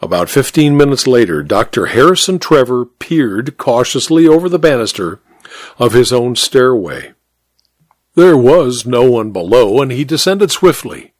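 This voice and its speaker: Expressive male story narrator. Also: mid-range voice, no room sound. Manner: expressive, measured reading. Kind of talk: audiobook story reading.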